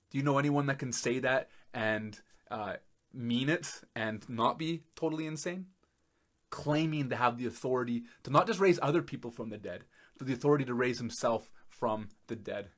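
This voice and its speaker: A man preaching a sermon as pastor, emphatic, laughing in disbelief and swinging between loud and soft. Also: mid-range voice, moderate pace. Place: church.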